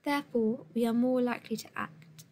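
A woman teaching a recorded lesson, her voice sitting a little high. She gives instructions in a clear, measured way. A faint hiss lies under the recording. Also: fairly even intonation, a little mellow.

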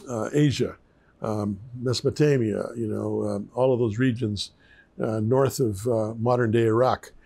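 An older man, a pastor, teaching the Bible in a relaxed, conversational way with chatty asides. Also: mid-range voice, gravelly.

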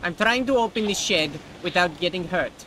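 A man's voice: sits high, lively intonation, a little fast, sharp tone, a little hiss or hum, poor audio. A man hosting a let's play, giving casual gameplay commentary with sarcastic jokes aimed at the game. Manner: sarcastic and jokey, talks back to the game.

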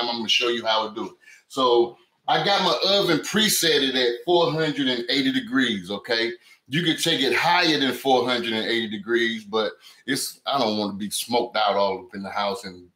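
A man's voice: medium pitch, bright, forceful tone. A man hosting a home cooking live stream in casual chat, greeting viewers by name and often repeating "you know what I'm saying". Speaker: cooking channel host. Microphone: camera mic on a stand. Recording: roomy echo.

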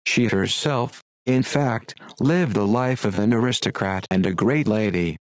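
A man's text-to-speech voice reading a classic story aloud in an even, unhurried way. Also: fairly low pitch, dry recording, poor audio. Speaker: audiobook narrator.

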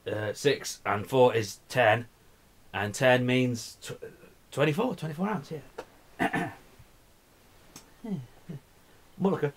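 A man ranting on his vlog in a loose, rambling way, cursing constantly and trailing off into mumbles. His voice sits at an ordinary middle pitch. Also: slow pace, pauses often. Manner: profane, rambling, slurring and mumbling. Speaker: vlogger. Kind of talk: drunken rambling vlog rant.

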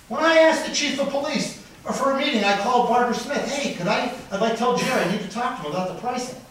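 Loud, high-voiced man in an echoey council hall. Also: slight background noise. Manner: loud, accusing and insistent. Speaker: citizen speaking at public comment. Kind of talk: heated public comment at a city council meeting. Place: indoor city council chamber. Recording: echoey hall audio from a distant mic.

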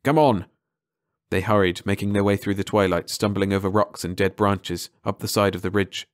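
A man narrating an audiobook in calm, measured scripted narration. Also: sits low, clear, resonant tone, dry recording, clean studio sound.

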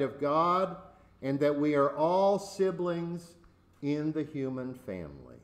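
Slow, measured male preacher. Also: a little high, sing-song. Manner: slow, deliberate, measured pauses. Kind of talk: sermon.

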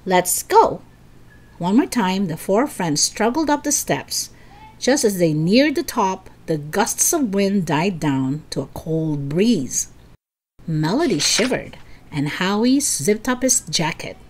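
A woman storyteller reading a children's chapter book aloud in an expressive, dramatic way. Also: mid-range voice, takes it slowly.

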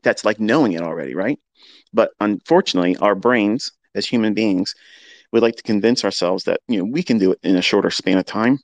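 Gravelly-voiced man lecturing on trading. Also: on the low side, dry recording. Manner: earnest, lecturing, repeats himself. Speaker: trading educator. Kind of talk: talk on a live audio chat.

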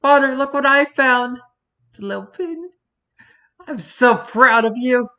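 A man voicing an excited young crow chick calling to its father, in a giddy squealing voice. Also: very high voice, a little slow, clean tone, pitched above the performer's own voice, full character voice.

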